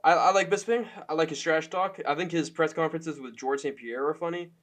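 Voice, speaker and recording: A man's voice: a little high, brisk, fairly bright tone. Casual, profane young male fan commentator. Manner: loose, profane, laughing, filler-heavy.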